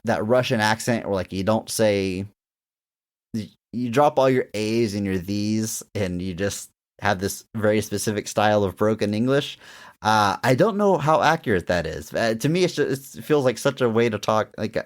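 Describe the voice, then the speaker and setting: A man with a fairly low voice talks through a film review in a loose, conversational way. He hedges a lot and restarts his sentences as he works out his opinions. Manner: rambling, hedging with restarts. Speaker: podcast co-host. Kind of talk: casual movie review chat.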